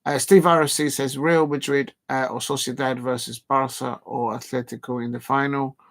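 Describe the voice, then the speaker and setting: A man's voice: medium pitch, little pitch movement, moderate pace, vocal fry, fairly bright tone. A man hosting a football watch-along stream, chatting casually, reading viewer comments and rambling with lots of fillers.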